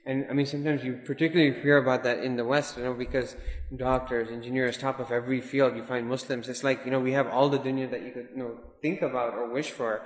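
Male religious teacher, chatty and digressive, mid pitch, roomy reverberant hall. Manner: conversational, digressive, mixes in Arabic and Urdu terms. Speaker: Islamic teacher. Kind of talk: informal religious lesson. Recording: echoey hall with long reverb.

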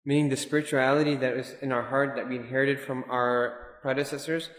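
A man giving an informal religious lesson, talking in a relaxed, digressive way and dropping in Arabic and Urdu terms. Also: medium pitch, a little fast. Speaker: Islamic teacher. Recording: echoey hall with long reverb.

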